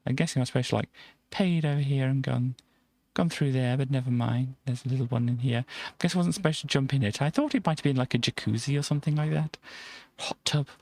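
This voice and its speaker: Gravelly-voiced man chatting through a game. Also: medium pitch, quick pace, darkish tone, no room sound. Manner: playful, chatty, drops in silly sound effects. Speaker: streamer. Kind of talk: casual gameplay commentary.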